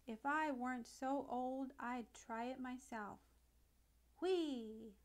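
A woman voicing an old male frog, cheerful and teasing, with a deep, gruff voice. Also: takes it slowly. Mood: nostalgic.

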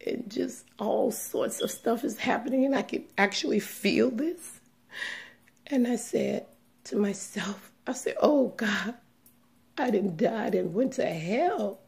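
A woman giving a personal religious testimony, speaking in a hushed, trembling way that often sinks into a whisper, close to tears. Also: fairly high pitch, measured pace, vocal fry. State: tearful, on the verge of crying.

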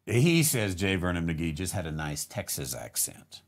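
Man, lowish voice, rambling host, lots of uh and um, casual live Q&A. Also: very animated, moderate pace. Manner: rambling, many fillers and restarts; chuckles between remarks. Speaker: host answering viewer questions.

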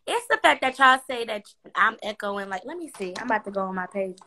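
A woman's voice: mid-range voice, lively intonation, fairly quick, sharp tone, slight background noise, low-quality recording. A young woman from Atlanta bantering playfully with her mother on a phone livestream. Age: young adult. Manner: playful, bantering, Southern slang. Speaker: daughter on a live video chat. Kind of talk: casual chat on a livestream.

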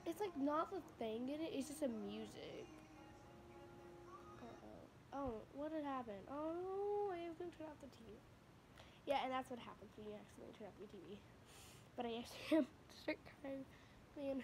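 A woman's voice: high-pitched, moderate pace, noisy background. A woman vlogging a casual reaction, talking in a rambling, chatty, gushing way while filming on her phone at home by the TV. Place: at home in front of a TV. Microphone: phone camera.

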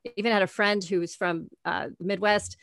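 In a dry, close-sounding room, a woman in her forties talks as an interview guest. Her voice sits in a middle pitch, and her storytelling is animated, full of acted-out dialogue and frequent laughter. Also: brisk, no echo. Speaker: guest, author. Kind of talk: conversational interview.

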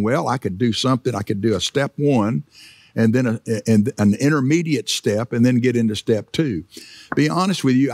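A man's voice: medium pitch, a little mellow, breathy edge, dry recording, studio quality. A middle-aged male pastor giving a sermon in a church, in a conversational preaching style with frequent fillers and restarts.

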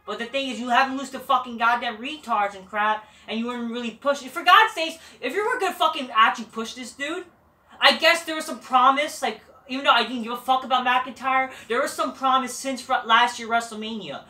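A woman's voice: fairly high pitch, fairly quick, pushed and bright, echoey room, far from the mic. A woman hosting her own channel, delivering a rambling rant full of swearing and frequent "you know"s. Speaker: channel host. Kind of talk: casual profane rant.

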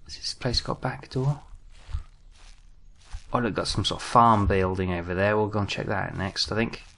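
A man's voice: fairly low pitch, moderate pace, gravelly, fairly bright tone, slight background noise. A British man commentating his own game play, jumpy and muttering to himself with self-mocking asides. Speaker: gaming commentator.

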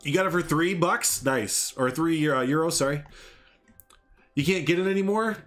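A man's voice: on the high side, normal speed, fairly bright tone, soft background music. A young man chatting casually on a game live stream, laughing often and answering viewers.

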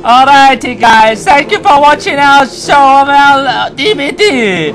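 A man voicing a nervous, slow-talking plumber brother in a fan comedy. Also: very high voice, expressive, pitched below the performer's own voice, full character voice. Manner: slow, hesitant, drawn-out. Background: loud music.

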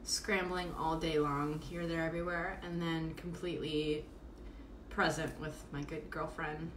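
A woman's voice: low-pitched, level tone, unhurried, noisy background. Tired lady talking into her phone at home, rambly, lots of um and like, echoey room. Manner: chatty, rambling, many fillers. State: exhausted. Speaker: podcast host doing a live stream. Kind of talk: casual live-stream monologue. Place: at home, indoors. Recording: roomy echo, faint background ambience.

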